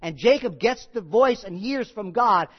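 High-voiced preacher, swinging hushed to loud. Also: male voice, animated, a little slow, breathy edge, dull audio. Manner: conversational, asks the congregation questions. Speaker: pastor. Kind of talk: sermon.

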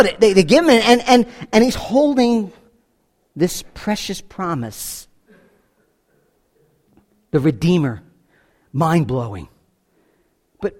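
High-pitched guy preaching, goes from loud to quiet, lots of "you know" and repeats. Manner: dramatic swings between loud exclamations and hushed low tones; repeats words, conversational asides. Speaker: pastor. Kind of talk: sermon.

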